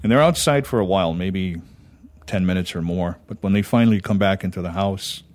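A man from Hawaii telling a personal ghost story in a measured, dramatic, conversational way. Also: deep voice. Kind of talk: spoken storytelling. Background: music.

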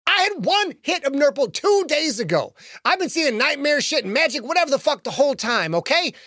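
A man's voice: big pitch swings, a little fast, bright, forceful tone, no echo, studio quality, full character voice. A man voicing a panicked, streetwise young man who swears as he talks. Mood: anxious. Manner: frantic, swearing, high-strung.

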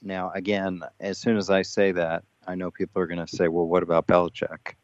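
A man hosting a podcast, talking conversationally and pausing to search for words. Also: sits low, level tone, dry recording. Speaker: podcast host, former team executive. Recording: dull lo-fi audio.

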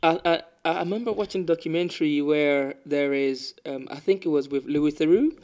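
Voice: mid-range voice, brisk, darkish tone. Host as a supportive, nodding listener. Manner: supportive listener, many short agreements. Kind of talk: casual chat.

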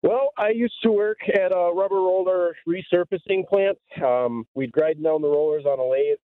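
A man's voice: high-pitched, no room sound. Male caller, hesitant with lots of fillers, tinny phone sound, dry. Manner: halting, with many fillers. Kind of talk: casual storytelling.

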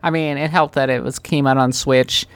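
A woman's voice: a bass voice, steady tone, moderate pace, no echo. Opinionated, teasing woman co-host from Minnesota; casual chat on a dry studio mic. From Minnesota, USA. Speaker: podcast co-host.

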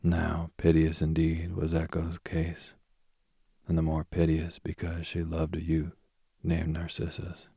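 A man reads a myth as a sleep story, slowly and soothingly, sinking now and then into a whisper. His voice is extremely low and gravelly, with a breathy, husky texture. The sound is close and dry. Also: completely flat delivery, warm tone, no room sound. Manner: slow, soothing, drifting into whispers. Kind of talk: bedtime story reading.

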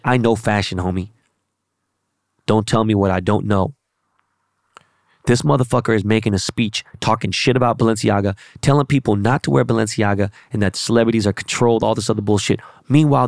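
A man's voice: lowish voice, no room sound, clean studio sound. A young adult man rambling in a brash, profane, slang-heavy casual monologue as a vlogger.

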